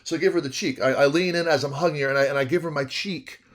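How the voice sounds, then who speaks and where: A young man, telling a comedic story about his work as a restaurant server. He talks in an animated way, cuts himself off, and repeats phrases for laughs. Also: on the high side, fast. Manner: animated, self-interrupting, repeats phrases for comic effect.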